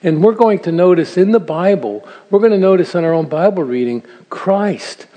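A man's voice: high voice, animated, normal speed, warm tone. An older man giving an earnest, story-driven sermon-style talk to grandparents, chuckling at his own asides. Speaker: speaker at a church seminar for grandparents. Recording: long reverb of a large hall.

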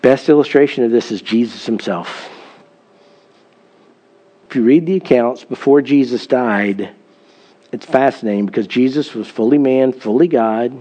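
A man's voice: mid-range voice, moderate pace, long pauses, warm tone. Earnest middle-aged male pastor preaching. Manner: earnest storytelling, emphatic scripture reading. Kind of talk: sermon.

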